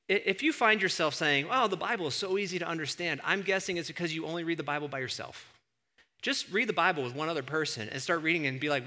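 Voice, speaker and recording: A man preaching a sermon as pastor, in a conversational, animated way that acts out quotes. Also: on the high side.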